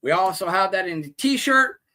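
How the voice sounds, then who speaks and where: A male show host ranting with lots of swearing and pitching merchandise, loud and blunt. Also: expressive, normal speed. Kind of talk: profane rant and merch pitch.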